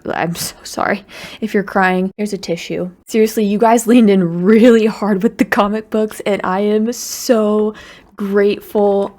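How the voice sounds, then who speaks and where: A woman YouTuber chatting casually to camera at home, bubbly and excitable, with playful asides as she unboxes. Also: mid-range voice. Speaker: YouTuber unboxing fan mail. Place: at home in her apartment.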